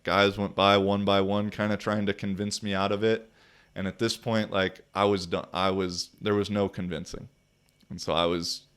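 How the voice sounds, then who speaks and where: A man's voice: lowish voice, smooth. A young man hosting a podcast and telling a story in a loose, profane, rambling way with lots of fillers. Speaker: podcast host and football player.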